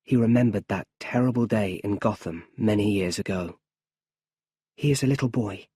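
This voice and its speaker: A man's voice: on the low side, moderate pace, warm tone, slightly rough, dry recording. A man reading a story aloud for English learners, in a careful storybook manner. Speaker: audiobook narrator. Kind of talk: slow scripted narration for English learners.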